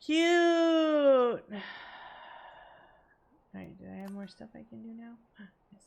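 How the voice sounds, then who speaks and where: A sleepy woman streamer with a raspy voice, chatting casually to her chat and to herself as she plays. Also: a little high, animated, slow pace, darkish tone. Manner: chatty, talks to chat and herself, laughs often.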